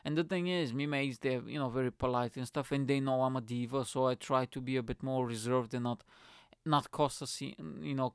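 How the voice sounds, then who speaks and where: A man's voice: medium pitch, clean tone, no room sound. Ranting profane man host. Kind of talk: solo podcast rant.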